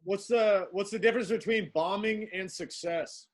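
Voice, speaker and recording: A male podcast host asking measured, thoughtful interview questions. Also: high-pitched.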